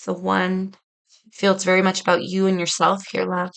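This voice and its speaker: A woman's voice: lowish voice, monotone, moderate pace, vocal fry, a bit bright, rough recording. A woman reading tarot cards for her viewers in a casual, earnest, reflective way, speaking straight to them. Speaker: tarot reader.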